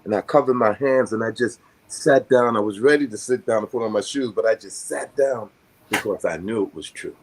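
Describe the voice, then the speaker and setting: A man's voice: lowish voice, a little fast. An older man telling a long personal story in casual conversation, reflective and rambling with many fillers. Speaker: guest.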